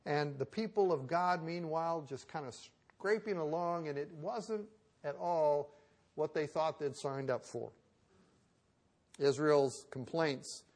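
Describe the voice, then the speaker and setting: A man delivering a sermon with a slightly raised pitch. He talks conversationally, restarting phrases and firing off rhetorical questions. His volume rises for emphasis and drops to near-murmured asides. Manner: swings from loud emphasis to soft, hushed asides. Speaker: preacher.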